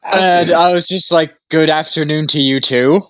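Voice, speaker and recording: A man's voice: a little high, moderate pace, a bit bright, no echo, muffled recording. A young man co-hosting a casual chat, rambling through a story, laughing often and acting out what others said. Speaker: podcast co-host.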